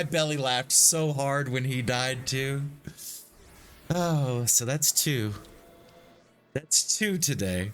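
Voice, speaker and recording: A man's voice: mid-range voice, slow, long pauses, fairly bright tone, a little hiss or hum. A man streaming a game live, chatting casually with viewers and swearing freely. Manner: loose, swears freely, talks to chat. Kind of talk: casual live-stream chat while gaming.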